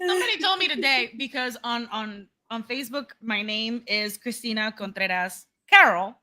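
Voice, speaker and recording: Woman with a very bright, high voice. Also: expressive, moderate pace. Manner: playful, laughs, swears. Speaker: guest. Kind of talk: casual chat.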